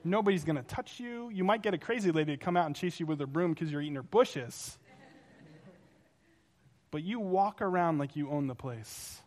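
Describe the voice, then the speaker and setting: A male pastor preaching a sermon, telling stories in an animated, conversational way. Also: on the high side, moderate pace.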